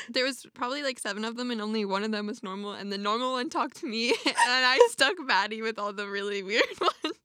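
A woman's voice: on the high side, fairly quick, few pauses, bright, forceful tone, dry recording, clean studio sound. A young woman, telling travel stories in a casual chat and laughing between phrases. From Canada. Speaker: podcast co-host.

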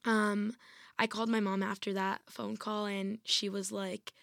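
A woman's voice: mid-range voice, flat delivery, measured pace, gravelly, a bit bright, dry recording, studio quality. Young woman telling her story, chatty. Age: young adult. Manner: casual, heavy use of "like", many restarts. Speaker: former college athlete guest. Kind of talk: personal storytelling in an interview.

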